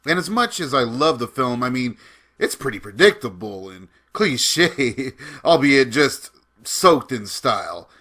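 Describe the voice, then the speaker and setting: A man's voice: medium pitch, big pitch swings, a little slow, bright, forceful tone. A man giving casual film commentary with enthusiasm, often laughing as he talks. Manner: enthusiastic, laughs while talking.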